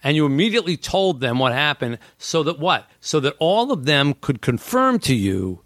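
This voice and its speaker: A man's voice: fairly high pitch, very animated, moderate pace, a bit bright, no room sound, studio quality. A man hosting a casual talk, explaining ideas and acting out what people say. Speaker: host. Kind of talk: casual podcast chat.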